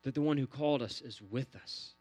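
A man's voice: mid-range voice, a little fast, darkish tone. A man preaching a sermon in an earnest, repetitive cadence, building phrase on phrase. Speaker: pastor.

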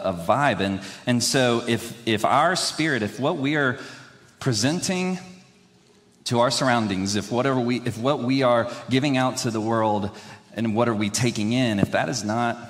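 A man's voice: mid-range voice, a little slow. A young man preaching in a loose, conversational way, rambling with restarts and laughing at himself. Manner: rambling, self-deprecating, laughs often. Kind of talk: conversational sermon. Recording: long hall reverb.

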